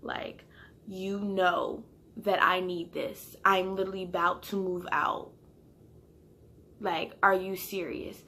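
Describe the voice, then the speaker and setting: Bright-voiced young woman telling a story. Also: on the low side, takes it slowly. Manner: animated, heated retelling with slang and swearing. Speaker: vlogger. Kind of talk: casual storytime.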